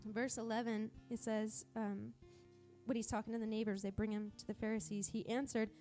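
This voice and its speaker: A woman's voice: fairly high pitch, flat delivery, brisk, warm tone, faint music behind. A woman from Montana preaching a sermon in a church service, earnest and conversational, often restarting her sentences. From Montana, USA. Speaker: pastor.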